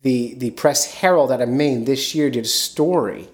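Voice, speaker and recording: A man's voice: medium pitch, moderate pace. Chatty male podcast host. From Philadelphia area. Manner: chatty, joking. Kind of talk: casual podcast chat.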